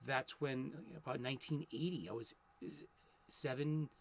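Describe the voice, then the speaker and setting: A man's voice: mid-range voice, unhurried, creaky. A man in his fifties from Boston with a Boston accent, talking about comics in a casual, rambling solo monologue full of restarts. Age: 50s. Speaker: comics vlogger.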